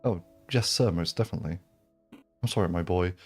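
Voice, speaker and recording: A man's voice: low-pitched, brisk, a little mellow, soft background music. A man voicing a suspicious elderly resident who formally quizzes a stranger about whether he lives in the building. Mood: prying. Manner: prim, nosy, formal questioning.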